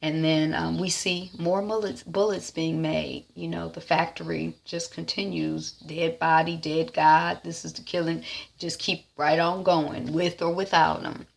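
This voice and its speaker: A woman's voice: low-pitched, level tone, unhurried, vocal fry. A woman giving a casual TV episode recap, retelling scenes loosely with lots of ums and "is like.". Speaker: TV recap vlogger.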